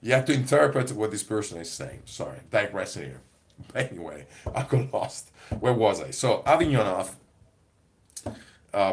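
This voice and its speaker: Rambling, low-voiced man telling stories. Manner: rambling and digressive, often laughing. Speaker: comedy performer. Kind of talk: casual vlog monologue.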